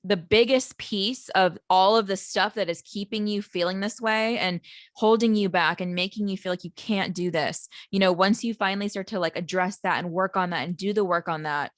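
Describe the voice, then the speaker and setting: A woman's voice: medium pitch, normal speed, no room sound, clean studio sound. A woman hosting a podcast, enthusiastic and affirming, with many "you know" and "like" fillers. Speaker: podcast host. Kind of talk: casual podcast conversation.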